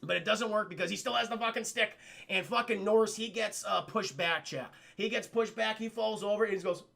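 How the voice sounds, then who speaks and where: A man's voice: high-pitched, gravelly. A man streaming live, recapping a film scene by scene for his chat in a loose, profane way and acting out the characters' lines. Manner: animated, acts out characters' lines in quick changes of voice; swears a lot and keeps addressing the chat.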